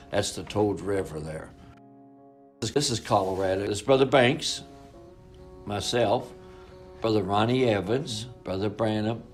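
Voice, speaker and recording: A man in his eighties recounting old family photos in a folksy, rambling way, with colloquial grammar. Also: fairly low pitch. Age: 80s. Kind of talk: informal storytelling.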